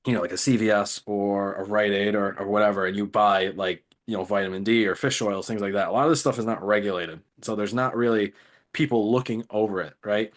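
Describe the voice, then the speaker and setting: A man with a lowish voice hosts a casual chat. He talks in a relaxed, rambling way, leaning on filler words. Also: fairly quick. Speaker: podcast host.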